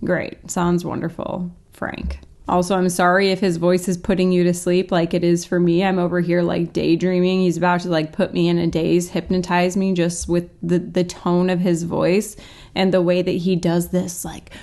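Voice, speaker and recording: A woman's voice: fairly low pitch, little pitch movement, moderate pace, warm tone. Woman talking over clips, sarcastic and chatty, says like a lot. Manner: sarcastic, chatty, lots of likes. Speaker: commentary host. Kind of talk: sarcastic reaction commentary.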